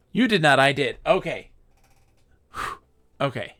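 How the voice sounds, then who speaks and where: Goofy, lively-voiced male streamer. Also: medium pitch, measured pace, dry recording. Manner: goofy and playful, chanting silly repetitions; rambling, self-deprecating asides. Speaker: streamer playing a space game. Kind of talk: casual live-stream commentary.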